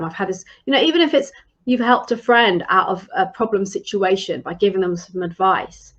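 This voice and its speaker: A woman's voice: mid-range voice, moderate pace, a bit bright, highs cut off. A woman leadership coach giving advice in a live-streamed talk, earnest and encouraging, with frequent ums and restarts.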